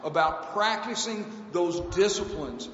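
A man's voice: high voice, animated, a little slow, fairly bright tone. A man preaching a sermon in an earnest, emphatic, conversational way, repeating key phrases for weight. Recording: echoey hall, dull lo-fi sound, faint hiss.

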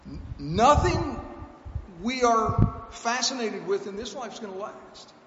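A man's voice: very high voice, lively intonation, unhurried. A man preaching a sermon in an earnest, emphatic, conversational way, repeating key phrases for weight. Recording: echoey hall, dull lo-fi sound, faint hiss.

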